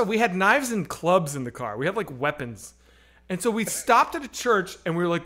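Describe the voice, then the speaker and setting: A man on a comedy stream telling a wild story, animated and profane, acting out the voices in it. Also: high-pitched, normal speed. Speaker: comedy podcast host.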